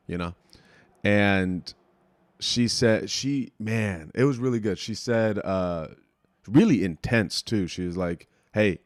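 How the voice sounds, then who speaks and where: A man's voice: on the low side, unhurried, no echo, studio quality. A young man hosting a podcast, telling stories in a rambling, profane, self-deprecating way and acting out other people's lines. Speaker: podcast host. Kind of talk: casual storytelling monologue.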